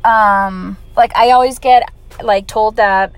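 Young woman in her twenties, chatty vlogger, filler-heavy rambling storytelling, mid pitch. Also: fairly even intonation, slow, clear, resonant tone, no room sound. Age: 20s. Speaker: audio vlogger. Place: on the way home from work.

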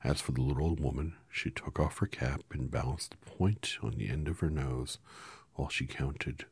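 Deep, gravelly man reading a story. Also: moderate pace, darkish tone, no echo. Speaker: storybook reader. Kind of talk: reading a children's story aloud.

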